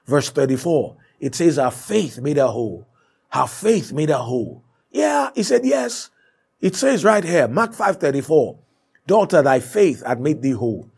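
A man's voice: fairly high pitch, big pitch swings, measured pace, gravelly, darkish tone, breathy edge. A man preaching a sermon, telling a story and reading scripture aloud, repeating key phrases with emphasis.

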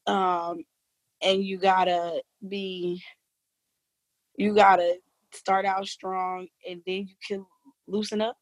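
A woman who works as a teacher, telling a story in a casual interview, animated and informal, laughing often. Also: medium pitch, takes it slowly, long pauses, no room sound.

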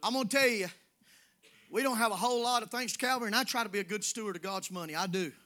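A man preaching in church, folksy and conversational, swinging from hushed asides to shouting. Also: sits high, fast talker. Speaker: pastor. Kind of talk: sermon. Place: church sanctuary.

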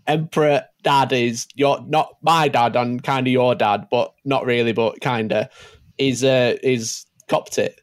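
A man's voice: medium pitch, fairly even intonation, measured pace, dry recording, studio quality, natural voice. A man voicing an awkward warrior lord who fumbles his words. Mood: hesitant. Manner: hesitant, fumbling. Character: bumbling male warrior lord, awkward and hesitant.

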